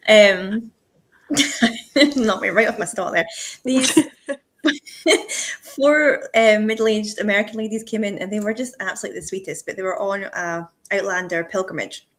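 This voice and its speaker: Chatty Scottish woman, lively storyteller. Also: medium pitch, slow pace, pauses often. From Scotland. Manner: chatty, laughs often while telling stories. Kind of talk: casual chat, anecdotal storytelling.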